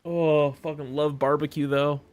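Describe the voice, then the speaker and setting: A man from Europe with a fairly high voice chats loosely as he streams a game, joking and rambling and breaking into laughter often. Faint game music plays under his talk. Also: flat delivery, unhurried, darkish tone. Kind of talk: casual gameplay commentary.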